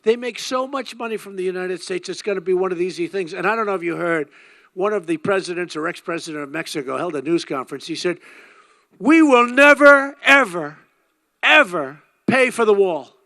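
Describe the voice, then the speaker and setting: A man's voice: high-pitched, quick pace, vocal fry, dry recording. An older man giving an emphatic, rambling campaign rally speech, repeating his phrases over and over. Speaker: political candidate.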